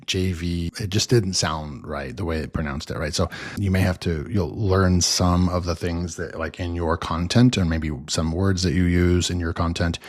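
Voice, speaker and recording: A man with a notably low, deep voice talks viewers through a software tutorial. He rambles loosely and is full of fillers and restarts as he clicks through the screens. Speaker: software reviewer. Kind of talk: casual screen-recording tutorial.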